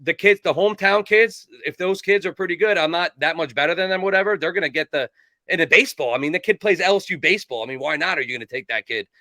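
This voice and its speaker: A man in his forties from New Jersey rattles off his stories at a quick clip, rambling and animated and full of fillers. His voice is bright and forceful, recorded close and dry. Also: a little high, no room sound. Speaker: kicking coach and guest. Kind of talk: casual storytelling in an interview.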